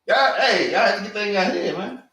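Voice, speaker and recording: A man preaches in a loose, animated classroom manner. His voice sits a little high and rings bright and forceful. The mic is set far off in an echoey room. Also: fairly quick. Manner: animated, street-casual, keeps saying "man". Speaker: class teacher.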